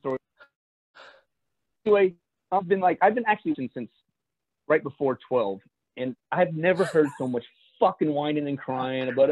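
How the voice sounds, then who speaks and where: A man with a high voice teases his friends with a constant stream of curses. He joins remotely over a tinny, phone-like line that strips out his low end. His manner is gruff and rough-edged. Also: expressive, moderate pace, pauses often, darkish tone. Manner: gruff, heavy swearing, teasing.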